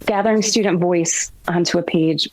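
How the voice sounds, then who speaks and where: A woman being interviewed as a grammar expert, telling lively classroom stories. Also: fairly low pitch, moderate pace, no echo, rough recording. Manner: storytelling, animated quotes. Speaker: guest, grammar expert and author. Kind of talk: interview conversation.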